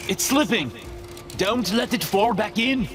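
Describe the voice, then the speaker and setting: A cheery, helpful German workman with a bright, high-pitched voice and a German accent, as a male narrator puts him on. He sounds eager and friendly, and loud music plays behind him. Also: lively intonation, unhurried. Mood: cheery urging. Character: cheery young German man, helpful coworker.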